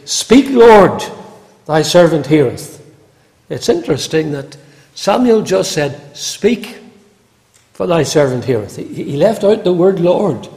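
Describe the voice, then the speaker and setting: A man delivers a sermon at an unhurried, deliberate pace, his slightly high voice swinging widely as he quotes scripture with emphasis. His words ring out in a church hall with a long, lingering reverb. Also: a little mellow. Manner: slow, measured preaching with emphatic quoted scripture. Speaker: preacher.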